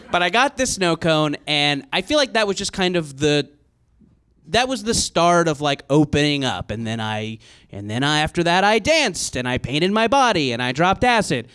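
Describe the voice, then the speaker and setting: A man's voice: high voice, lively intonation, normal speed, fairly bright tone, clear, resonant tone. Rambling self-mocking male storyteller. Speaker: comedy writer telling a story on stage. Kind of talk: live storytelling. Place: live show venue with audience.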